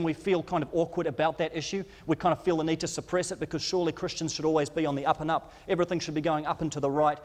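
A man preaching a sermon with passion and a fairly high voice. He acts out the quoted cries to God with mounting urgency. His words ring through a large, echoing hall. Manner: impassioned, acts out quoted cries with rising pitch. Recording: long hall reverb.

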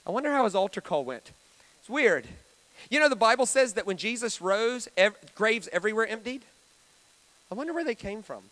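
A high-voiced man preaches with bright, forceful energy. He tells stories in a chatty way and asks the crowd questions. He swings from booming to hushed for drama. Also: brisk. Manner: animated, dramatic preaching with sudden loud and soft swings; conversational, asks the audience questions. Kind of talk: storytelling sermon.

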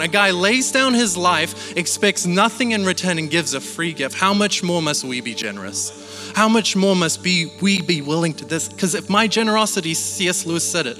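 Male preacher from Malaysia, slightly higher voice, animated sermon storytelling, hall reverb. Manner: animated storytelling, acts out shouting relatives.

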